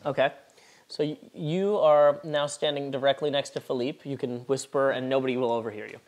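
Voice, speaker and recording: A man running a tabletop role-playing game as game master, describing scenes with wry, quick storytelling asides. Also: medium pitch, steady tone.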